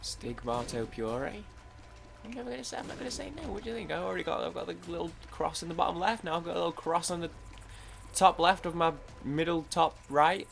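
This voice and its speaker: Young man, gaming commentary, excitable, rambling, casual, faint music behind. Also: a little high, fast talker, vocal fry. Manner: rambling, excitable, swears casually, restarts often. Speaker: gaming YouTuber. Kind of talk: casual let's-play commentary.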